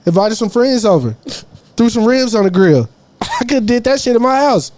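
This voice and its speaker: A man's voice: very high-pitched, expressive, normal speed, darkish tone, dry recording. A man co-hosting a podcast in casual chat, telling stories in a rambling, slangy way full of restarts. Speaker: podcast co-host. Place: podcast studio.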